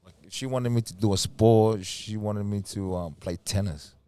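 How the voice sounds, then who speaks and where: A soft-spoken young man from New Zealand, telling stories in a relaxed, casual way as an interview guest. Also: lowish voice, moderate pace, clear, resonant tone. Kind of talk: casual storytelling.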